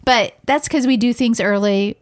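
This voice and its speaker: A woman's voice: fairly high pitch, moderate pace. A woman co-hosting a podcast, telling stories in casual chat and acting out the conversations she recounts. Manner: animated storyteller acting out dialogue. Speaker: podcast co-host, parent.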